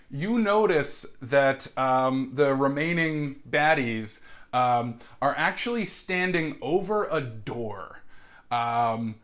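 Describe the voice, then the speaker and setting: A man's voice: a little high, fairly bright tone. A man acting as game master in a comedic solo tabletop role-play, hesitant and full of fillers and restarts.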